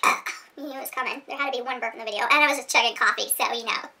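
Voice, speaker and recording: A woman's voice: a little high, fairly even intonation, rapid-fire, pushed and bright, far from the mic. A woman beauty vlogger chatting casually through a makeup tutorial, rambling and giggling as she talks to her viewers.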